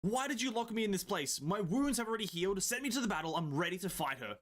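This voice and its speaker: A man's voice: high-pitched, lively intonation, fast, a bit bright, voice pushed up. A man voicing an impatient young female warrior demanding to be let out, reading comic dialogue aloud in a pleading, insistent way.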